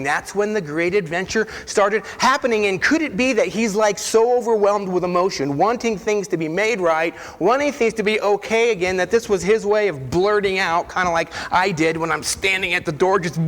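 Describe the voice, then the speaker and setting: A man preaching a sermon as a pastor, animated, acting out Bible scenes, swinging from loud outbursts down to whispers. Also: sits high, moderate pace, in a large hall. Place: church sanctuary.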